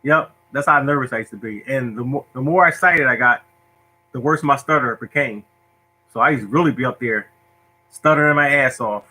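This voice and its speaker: Bright-voiced, joking male host. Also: mid-range voice, moderate pace, low-quality recording. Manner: animated, joking, self-mocking. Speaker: lottery show host. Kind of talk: casual storytelling to viewers.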